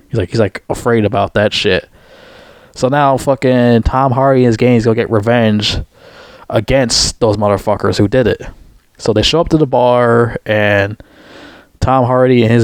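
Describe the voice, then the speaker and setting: A man giving a heated, profane movie review. He rambles with many restarts, and his voice jumps higher when he gets outraged. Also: darkish tone, no room sound, studio quality.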